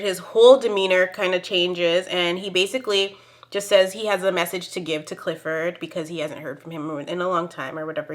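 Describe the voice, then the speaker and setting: A young woman recapping a TV episode in casual chat, animated and quick to laugh, with dramatic exclamations. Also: mid-range voice. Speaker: TV show recap host.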